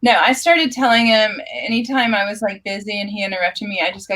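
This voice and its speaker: Husky-voiced woman hosting a chat. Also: a little high, animated, moderate pace, a bit bright, rough recording. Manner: chatty, laughs easily. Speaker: host of live hangout. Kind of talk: casual chat.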